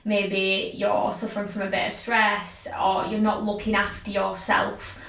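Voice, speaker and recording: A woman's voice: mid-range voice, monotone, measured pace, creaky, a bit bright. A woman co-hosting a podcast, a former teacher, chatting casually and playfully and laughing often. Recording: echoey room, a bit far from the mic.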